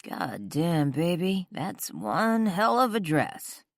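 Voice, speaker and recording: A woman voicing a brooding male lover in a rough, craggy growl, slow and low. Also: big pitch swings, dry recording, clean studio sound, heavily acted. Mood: low seductive. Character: husky-voiced man, brooding seductive lover.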